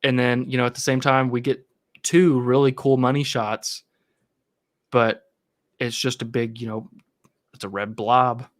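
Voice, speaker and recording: A man with a mid-range voice co-hosts a casual live-stream film chat. He rambles and circles around his points, trading thoughts with his partner. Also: mid-range voice. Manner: rambling, many fillers and restarts. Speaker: podcast co-host.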